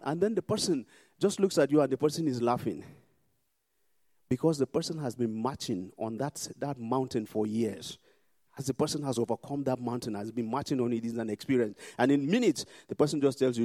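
Male pastor preaching, mellow tone, dry close sound, repeats lines hard then goes quiet for prayer. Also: medium pitch, fairly quick, dry recording. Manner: emphatic, repetitive, swings between loud exhortation and hushed prayer.

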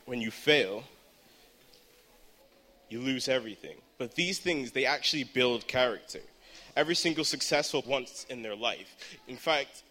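A teenage boy gives an earnest youth sermon in a church hall, at times rising to fervent shouting. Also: medium pitch. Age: teens. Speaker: teen speaker at church service.

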